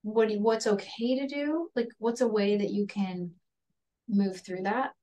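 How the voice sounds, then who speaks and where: A woman's voice: medium pitch, steady tone, a little slow, mellow. A woman guest on a podcast, talking candidly and earnestly about raising children, often laughing and acting out voices. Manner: earnest, laughs often, acts out her child's and her own words. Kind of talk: candid conversational chat. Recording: voice a bit far from the mic.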